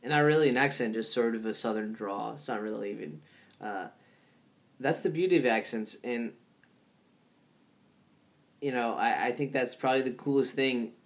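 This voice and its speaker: A man's voice: medium pitch, moderate pace, pauses often. Rambling casual man podcasting alone. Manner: rambling, filler-heavy, restarts sentences, laughs at himself. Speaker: podcast host. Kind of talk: casual solo podcast talk.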